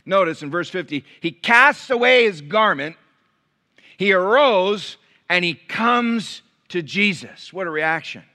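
Pastor, male, bright slightly high voice, dynamic sermon delivery that moves from loud emphasis to quiet intimacy. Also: animated. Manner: dynamic preaching, swinging from loud emphatic lines to hushed intimate ones; acts out crowd voices in quick asides.

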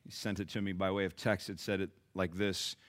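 A middle-aged man preaching a sermon, swinging from loud emphatic lines to quiet low asides and putting questions to the congregation. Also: flat delivery, brisk. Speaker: pastor.

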